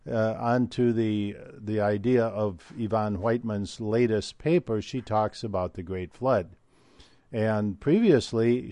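An older man delivers a solo talk in a low, mellow voice. He rambles from point to point and often pauses with hesitant fillers. The sound is dry and close. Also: no echo.

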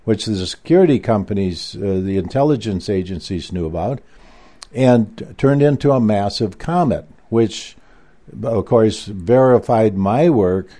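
A man's voice: fairly low pitch, expressive, measured pace, warm tone. A male guest author telling a long story in a rambling way, with frequent restarts and asides. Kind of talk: conversational recounting.

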